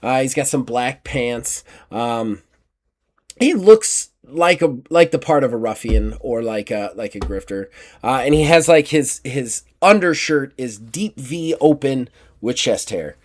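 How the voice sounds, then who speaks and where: A male game master describing scenes in a tabletop game. He rambles on with lots of fillers, stops and restarts, at a medium pitch. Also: expressive, measured pace.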